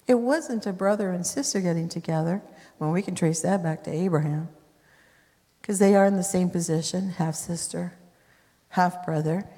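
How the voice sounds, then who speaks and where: A woman's voice: lowish voice, moderate pace, dark tone. A woman preacher retelling scripture in a sermon, emphatic with conversational asides. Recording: long hall reverb.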